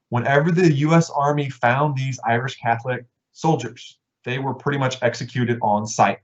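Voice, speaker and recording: A man giving a casual history lecture, talking conversationally and voicing people's thoughts in quick asides. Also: medium pitch. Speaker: history teacher. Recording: dull lo-fi recording.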